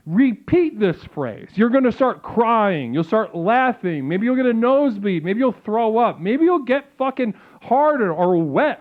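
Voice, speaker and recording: Man doing a crude mock-guru stream. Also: a little high. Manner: chants phrases over and over. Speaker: livestream host. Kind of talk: mock guided meditation on a live stream. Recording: tinny, phone-like audio.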